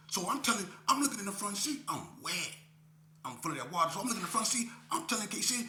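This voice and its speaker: A man in a casual interview, telling a story in streetwise slang and checking in with listeners as he goes. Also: quick pace. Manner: animated, climbs high when retelling. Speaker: interview guest. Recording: echoey room with faint hum.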